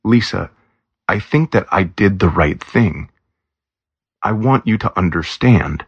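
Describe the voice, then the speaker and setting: A man voicing a stubborn young cop who reassures his partner in a calm, teasing way. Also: low voice, slow, husky, no echo, dull audio, full character voice. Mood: earnest.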